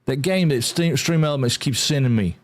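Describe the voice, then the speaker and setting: This is a middle-aged man hosting a relaxed game livestream. He rambles in an easygoing way. He greets his viewers by name as he chats. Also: medium pitch, a little fast. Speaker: game streamer. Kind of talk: casual livestream chat.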